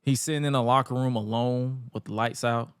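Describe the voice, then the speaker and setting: A man's voice: mid-range voice, a little fast, smooth, no echo, studio quality. A man co-hosting a casual recap chat, telling the story with energy and acting out lines in funny voices. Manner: animated, acts out wrestlers' lines in funny voices. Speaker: podcast co-host.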